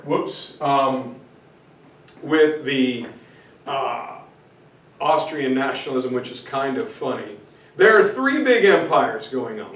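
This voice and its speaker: A man teaching history in a casual, chatty lecture, with informal, jokey asides in a classroom. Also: on the high side. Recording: echoey room, mic far off.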